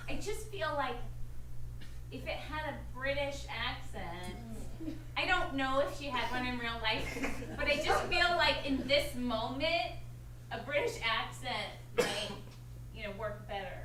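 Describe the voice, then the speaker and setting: A woman's voice: high-pitched, animated, unhurried, pushed and bright, heavily acted. A woman voicing a rambling, over-apologetic audience member in an improv comedy scene. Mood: sheepish. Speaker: improv performer. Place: live comedy stage. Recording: echoey stage from far off, noisy.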